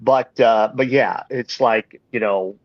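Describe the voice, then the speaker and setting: A man's voice: mid-range voice, fairly even intonation, slow, dry recording, lo-fi sound. A man co-hosting a local live-stream show, telling stories in a rambling way with lots of fillers. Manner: rambling storyteller with many fillers. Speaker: radio co-host. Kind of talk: casual live-stream chat.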